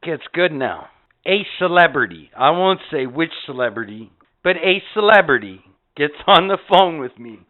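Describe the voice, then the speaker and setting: A man's voice: on the high side, moderate pace. Profane storytelling man, tinny lo-fi sound. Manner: profane, animated anecdote telling. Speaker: podcast host. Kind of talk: casual storytelling.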